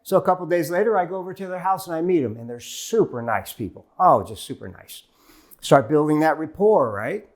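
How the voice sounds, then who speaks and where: A man's voice: on the high side, lively intonation, a little fast. A middle-aged man giving a motivational keynote to a live audience, telling a story and acting out the conversations in it. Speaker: keynote speaker. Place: stage before a live audience.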